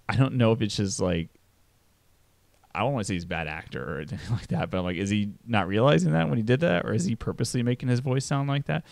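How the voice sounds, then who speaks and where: Low gravelly-voiced man reviewing movies. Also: darkish tone, no room sound. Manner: rambling, many fillers. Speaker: podcast host.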